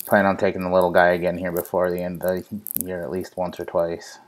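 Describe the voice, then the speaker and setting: A man's voice: low-pitched, completely flat delivery, brisk. A young man hosting a casual live show, telling a funny family story with plenty of swearing and laughter. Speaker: host.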